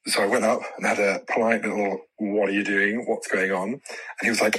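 A man telling a story about himself in a voice note. His voice is low and very husky but bright and forceful, and it jumps high when he quotes people. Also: little pitch movement, a little fast, rough recording. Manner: chatty, self-mocking, voice jumps high for quoted lines. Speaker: caller sending a voice note. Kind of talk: casual anecdote.

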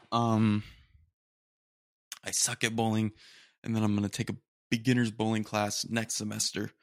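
A young man rambles through a casual solo podcast, piling on slang and mock outrage. His voice sits fairly low, and the sound is close and dry with no room in it. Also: no echo. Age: young adult. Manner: rambling, slangy, says "dude" often, mock-indignant. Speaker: podcast host. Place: room at home, roommates nearby.

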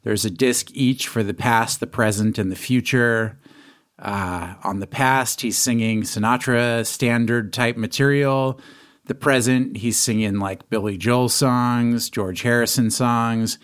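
A man's voice: medium pitch, fairly even intonation, measured pace. A man hosting a podcast, giving an upbeat scripted introduction and stretching out key words. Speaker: podcast host.

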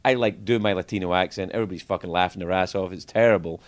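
Low-voiced man telling salty anecdotes. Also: rapid-fire. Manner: animated, profane anecdotes with lively acted-out quotes. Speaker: guest. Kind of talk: casual storytelling.

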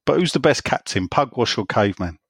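A man with an East End London accent chats casually as a podcast host, cracking jokes and reading out listener questions. His voice sits at an ordinary pitch. The sound is dry and close. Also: lively intonation, brisk, slightly rough, no echo. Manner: jokey, reads out listener questions. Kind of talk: casual chat.

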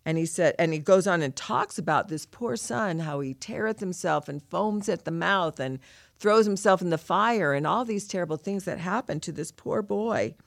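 A podcast co-host teaching scripture speaks in a fairly low voice with vocal fry, animated and at a moderate pace. Her discussion of the passage is reflective, earnest and heartfelt, captured in clean studio sound without echo.

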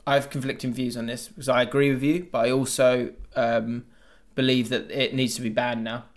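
Laid-back English podcast co-host. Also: male voice, medium pitch, little pitch movement, fairly quick. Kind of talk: casual chat.

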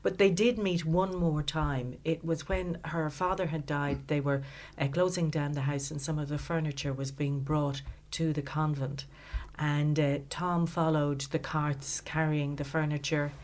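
A woman with a low voice recounts a story as an interview guest. She talks in a heartfelt, halting way, with frequent fillers and restarts. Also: fairly even intonation, darkish tone. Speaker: author guest. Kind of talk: conversational interview.

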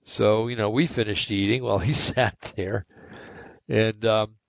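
Blunt older man, low and dry. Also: steady tone, measured pace, gravelly, no echo, lo-fi sound. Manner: blunt, rambling, with many restarts. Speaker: podcast host. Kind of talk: opinionated monologue.

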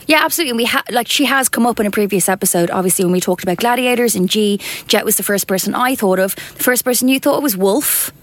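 A woman's voice: mid-range voice, fast talker, hardly any pauses, no room sound. A woman co-hosting a podcast, chatting casually with frank, playful banter. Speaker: podcast co-host. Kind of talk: casual chat.

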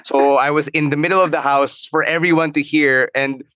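A man with a Filipino accent co-hosting a podcast, an animated storyteller who switches between Tagalog and English. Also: on the high side, normal speed, no echo. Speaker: podcast co-host. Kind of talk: casual podcast chat.

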